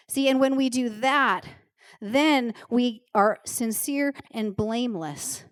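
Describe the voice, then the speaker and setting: Middle-aged lady pastor preaching, kinda high voice, earnest and emotional, dry close sound. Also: clear, resonant tone, no room sound. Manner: earnest, emotional, slows down for emphasis. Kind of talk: sermon. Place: church stage.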